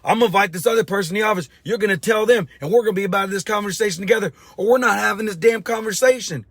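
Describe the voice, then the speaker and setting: Blunt, fired-up man with a higher voice. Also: racing, no room sound. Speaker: business coach. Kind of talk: blunt motivational rant to camera.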